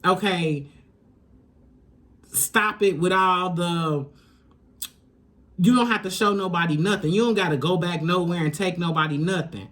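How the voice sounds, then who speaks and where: A woman giving a casual tarot reading, talking straight to the viewer in emphatic, slangy, profane bursts that jump from loud and high to low and quiet. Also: a little slow, long pauses. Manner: emphatic, slangy and profane, coaching the listener directly. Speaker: tarot reader.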